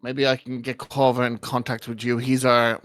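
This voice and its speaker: A man playing a tabletop game who speaks hesitantly, full of ums and pauses. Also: medium pitch, little pitch movement, fairly bright tone, no echo, faint music behind. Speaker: player. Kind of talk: tabletop role-play.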